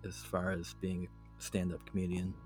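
Male co-host, low voice, opinionated casual chatter. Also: completely flat delivery, moderate pace, darkish tone, slightly rough, soft background music. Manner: blunt opinions with frequent restarts. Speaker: podcast co-host. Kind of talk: casual chat giving opinions.

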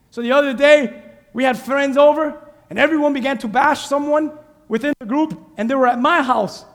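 A male pastor preaching an animated sermon, exhorting and calling out to his congregation. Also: very high voice, moderate pace, long reverb tail. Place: church sanctuary.

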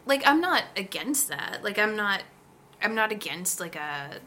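A woman's voice: medium pitch, sing-song, measured pace, sharp tone, a little hiss or hum. A woman chiming in casually during a movie discussion with brief, agreeable remarks.

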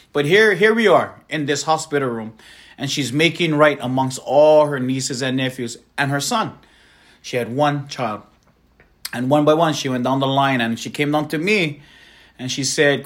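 With sincere, heartfelt emotion, a Hawaiian man working as an evangelist tells a congregation the story of his conversion. His fairly bright voice is slightly higher than most men's.

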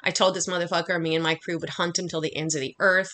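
A woman delivering an angry, profanity-laced monologue, talking fast and heatedly. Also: fairly low pitch, level tone, fairly bright tone. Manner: heated, swearing constantly, rapid rant.

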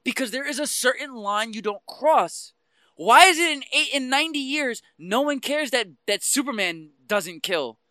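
A man talks fast and fired up, swinging between heated outbursts and quieter stretches of explanation. His voice has a bright, tense edge. The sound is dry and close. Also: very high-pitched, no echo. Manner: passionate, ranting, animated about comics. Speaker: podcast co-host. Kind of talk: casual chat.

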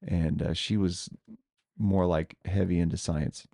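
A man's voice: deep voice, steady tone, a little slow, vocal fry, dark tone, dry recording, clean studio sound. A man co-hosting a podcast, telling a ghost story in a loose, rambling way and laughing often. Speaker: podcast co-host.

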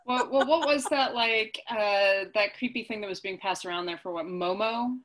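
A young woman from upstate New York, co-hosting a casual chat and telling stories in an animated way. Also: mid-range voice, moderate pace. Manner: chatty, animated storytelling with laughs.

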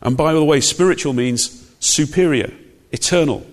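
At a normal pace and a little high in pitch, a preacher raises his voice slightly during a sermon, speaking emphatically and conversationally and putting question after question to the congregation amid a church hall's long echo.

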